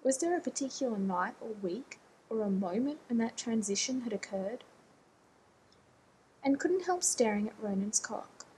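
A woman narrates a story at a steady, measured pace. Her voice sits a little high, with faint hiss in the background. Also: rough recording. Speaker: audiobook reader.

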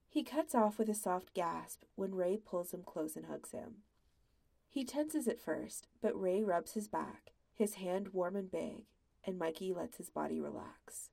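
Woman reader, quiet intimate story narration, gravelly fry. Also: fairly low pitch, unhurried. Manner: quiet, even, intimate reading. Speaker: podfic reader. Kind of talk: fan fiction audiobook narration.

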